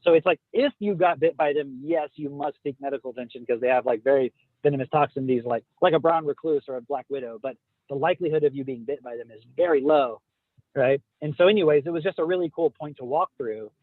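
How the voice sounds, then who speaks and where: A man's voice: on the high side, quick pace, no echo. A man in his thirties calling in to a casual group podcast chat, rambling and swearing casually. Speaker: podcast co-host. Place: calling in while out driving. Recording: tinny phone line.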